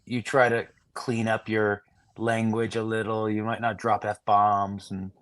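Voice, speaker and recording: A man guest on a casual podcast, talking in an animated way, swearing freely and filling with "like.". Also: lowish voice, unhurried, no echo. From Northern California. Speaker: actor guest.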